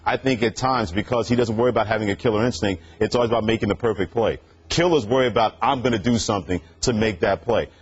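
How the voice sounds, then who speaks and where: A man's voice: lowish voice, fast, few pauses, husky. A man co-hosting a sports debate podcast, making his points in a confident, punchy way. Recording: dull lo-fi podcast audio.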